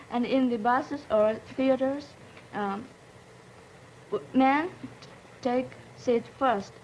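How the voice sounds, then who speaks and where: A young woman from Japan with a Japanese accent, speaking halting English and searching for words on a 1950s radio panel. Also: sits high, darkish tone, slight background noise. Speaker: student delegate on a panel. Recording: dull vintage broadcast audio.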